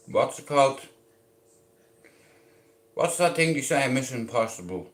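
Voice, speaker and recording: A man's voice: mid-range voice, expressive, moderate pace, pauses often. A man with an Irish accent rambling on a live stream, intense and swaggering, swearing and repeating questions at his viewers. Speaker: livestreamer. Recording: roomy echo.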